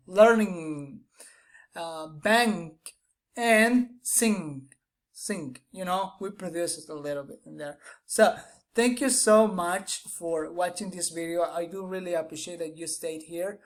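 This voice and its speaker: Slow-talking woman teaching pronunciation. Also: medium pitch. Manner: keeps checking in with "right?" and "you know?", demonstrates sounds aloud; hesitant, restarts phrases with "I mean". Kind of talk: explanatory phonetics lesson.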